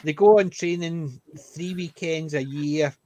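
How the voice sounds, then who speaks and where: A man's voice: fairly high pitch, a little slow, dark tone. A Scottish man in casual panel chat, who eagerly explains things and says 'aye' a lot. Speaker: panel member.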